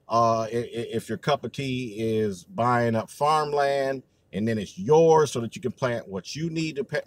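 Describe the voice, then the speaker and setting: Brief: male livestream host, mid pitch, AAVE speech, rambling and cussing, dry close sound. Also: no room sound. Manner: loose, profane, rambling with many fillers. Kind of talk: casual livestream talk.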